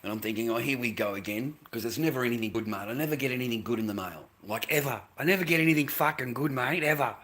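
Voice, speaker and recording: A man's voice: medium pitch, very fast, hardly any pauses, fairly bright tone. An Australian man ranting to camera in a profane, repetitive way, calling everyone "mate". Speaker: vlogger.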